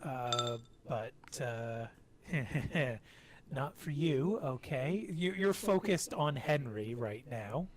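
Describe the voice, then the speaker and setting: A man's voice: medium pitch, lively intonation, drawn-out words. A man running a tabletop role-playing game as game master, talking in a rambling, hesitant way with many fillers.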